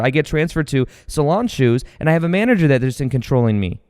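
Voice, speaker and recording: A man hosts a podcast and tells personal stories in a loose, energetic way, restarting his sentences often. His voice is smooth and clear. A long reverb trails behind it, as if he were recording in a large hall. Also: fairly high pitch, fast talker. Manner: rambling, energetic, with many fillers and restarts. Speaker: podcast host. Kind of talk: casual storytelling monologue.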